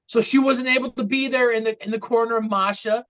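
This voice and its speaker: A woman's voice: a little high, fairly even intonation, a little fast, fairly bright tone, rough recording. A woman co-hosting a casual podcast, recapping matches with a hesitant manner, full of ums and restarts. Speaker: podcast co-host.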